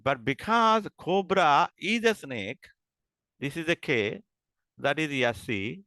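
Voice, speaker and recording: Man teaching a class, bright and crisp, dry recording, halting restarts. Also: fairly high pitch, expressive, no room sound. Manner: repeats and checks understanding, halting restarts. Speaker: lecturer. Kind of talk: classroom lecture.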